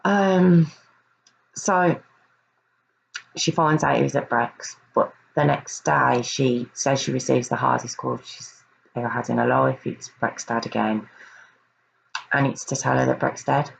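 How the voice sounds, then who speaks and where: A woman's voice: extremely low pitch, measured pace, vocal fry, pauses often, poor audio. A woman earnestly recounting a true crime case in a casual review, often hesitating and repeating words.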